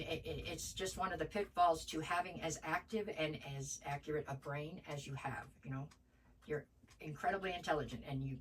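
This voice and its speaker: A woman's voice: low-pitched, far from the mic, a little hiss or hum, rough recording. A woman giving a casual tarot reading at home, thinking aloud, hedging and repeating words as she goes. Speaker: tarot reader.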